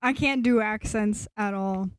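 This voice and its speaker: A young woman, a student, co-hosting a casual chat podcast, teasing and playful in quick remarks. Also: mid-range voice, clear, resonant tone, dry recording. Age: young adult. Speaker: podcast co-host.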